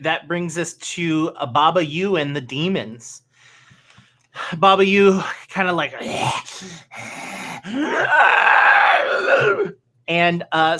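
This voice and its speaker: A man running a tabletop game as game master, tallying dice aloud in a measured way. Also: a little high, a bit bright.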